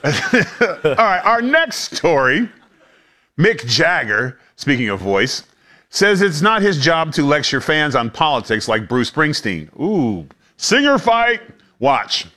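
A man's voice: a little high, very animated, bright, forceful tone. A man hosting a panel talk show, teasing his guests and moving through the stories. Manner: teasing, quick to laugh. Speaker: host.

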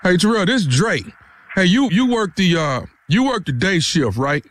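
High-voiced man making a confrontational prank call. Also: very animated, normal speed. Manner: confrontational, stammering slang. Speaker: prank caller.

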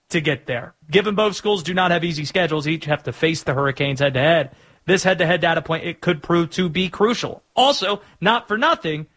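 High-voiced sports radio host. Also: male voice. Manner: energetic, opinionated, hypes matchups.

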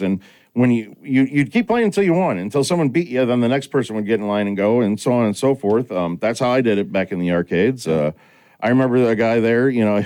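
A middle-aged man chatting casually as a host, with a lively, swooping delivery. He tells stories and acts out the lines he quotes. His voice sits at an ordinary pitch for a man. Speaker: podcast host. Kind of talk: casual chat.

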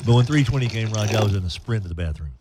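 A man hosting a radio show, telling a long funny story with playful, animated delivery and silly put-on voices. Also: fairly low pitch, very fast, heavy background noise.

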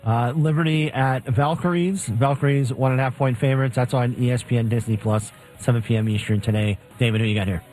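A man's voice: mid-range voice, brisk, hardly any pauses, darkish tone, soft background music, poor audio. A man co-hosting a sports radio segment, steadily reading games and betting odds. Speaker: co-host reading betting lines. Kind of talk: casual sports betting chat.

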